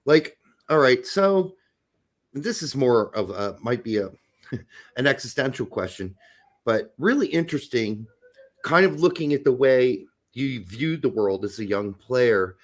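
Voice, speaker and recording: Lively, laughing podcast host man. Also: medium pitch, measured pace. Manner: laughs often, short backchannel replies. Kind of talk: casual interview.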